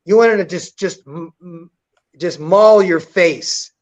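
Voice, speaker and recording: A man telling a story in a casual, crude, blunt way, full of swearing and lively acted-out quotes. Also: high voice, measured pace. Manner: profane, blunt, animated, acts out quotes. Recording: dull lo-fi sound.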